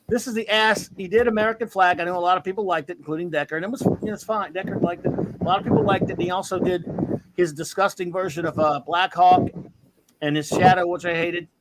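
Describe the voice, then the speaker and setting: A man in his fifties with a rather high voice, hosting a laid-back podcast. He rambles through stories with blunt, crude humor. A faint hiss sits under his voice. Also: fairly even intonation, quick pace. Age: 50s. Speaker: podcast host. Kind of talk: casual chat.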